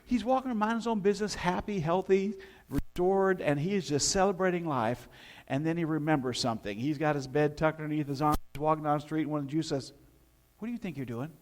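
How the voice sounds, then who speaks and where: A man preaching a sermon as pastor, telling the story in an animated way and putting questions to the congregation. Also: a little high, fast.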